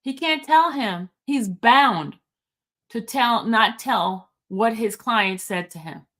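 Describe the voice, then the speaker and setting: A woman hosting a commentary video, reading court transcripts and pressing her viewers with repeated excited questions in a casual way. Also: fairly high pitch, slow pace. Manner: casual, addresses viewers as y'all. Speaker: commentary channel host.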